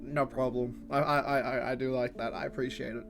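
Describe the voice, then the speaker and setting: A man's voice: mid-range voice, flat delivery, normal speed, gravelly. A man streaming a visual novel in casual chat, reading its lines aloud and giggling, often tripping over restarts. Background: lo-fi background music.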